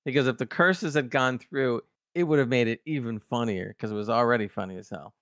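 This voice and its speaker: Excitable man retelling scenes, dry mic. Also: mid-range voice, brisk, no room sound. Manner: excitable, animated retelling with quoted reactions. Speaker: podcast co-host. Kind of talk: casual TV review chat.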